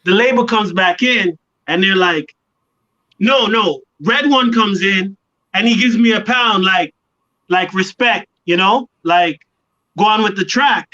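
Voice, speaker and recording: High bright-voiced man telling stories. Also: unhurried. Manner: animated storyteller, acts out quoted voices. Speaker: guest artist. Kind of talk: casual storytelling interview. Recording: dull lo-fi sound.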